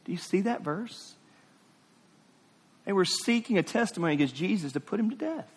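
A man preaching a sermon to his congregation as pastor. He repeats phrases for emphasis and asks them questions, swinging between hushed, drawn-out lines and rising, emphatic ones. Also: a little high, breathy edge. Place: church sanctuary. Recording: long reverb of a church hall.

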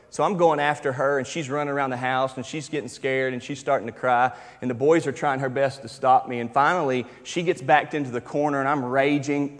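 A man in his thirties preaching a sermon in a conversational, storytelling manner with emphatic stretches. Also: medium pitch. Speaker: pastor. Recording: reverberant hall.

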